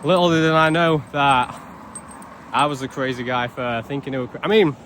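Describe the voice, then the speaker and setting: A young man rants straight to camera in a casual vlog, blunt and sarcastic, swearing often. His voice sits at an ordinary middle pitch. Faint traffic and street noise hum in the background. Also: moderate pace, a bit bright. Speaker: vlogger.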